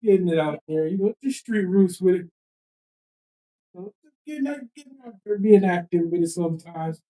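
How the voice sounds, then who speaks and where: A man's voice: high-pitched, lively intonation, moderate pace, dark tone, poor audio. A man who sells a street paper, chatting in an interview with lots of repeated words. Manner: rambling, repeats words, raps and beatboxes. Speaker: street paper vendor and rapper. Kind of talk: casual interview chat. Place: live event at a nonprofit office.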